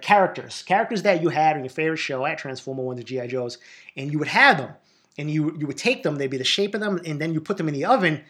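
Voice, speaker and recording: Male podcast host, 30s, solo monologue, profane and rambling, subdued and a bit depressed. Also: a little high. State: low, borderline depressed mood.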